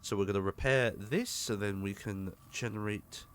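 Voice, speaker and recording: A man's voice: on the low side, moderate pace. Chatty gamer man. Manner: chatty, jokey, swears when startled. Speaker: gaming streamer. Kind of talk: casual gameplay commentary.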